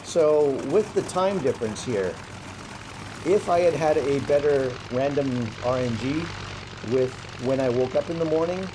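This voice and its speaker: A young man giving relaxed, casual commentary over his own gameplay, thinking aloud as he plays. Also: mid-range voice, a little slow, background noise. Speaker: gaming commentator.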